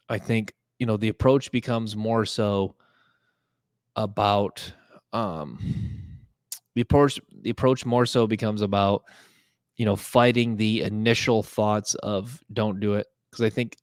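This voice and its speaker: A man's voice: lowish voice, no echo. A young man hosting a podcast, talking in a casual, rambling monologue full of fillers and restarts. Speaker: podcast host.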